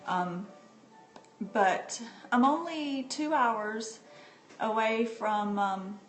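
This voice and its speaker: A woman's voice: mid-range voice, slight background noise. A woman from North Carolina chatting casually with livestream viewers from home on a handheld phone, often laughing as she talks. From North Carolina, USA. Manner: chatty and unhurried, laughs often while talking. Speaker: livestream host. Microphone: phone or tablet held by the speaker. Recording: roomy livestream phone audio.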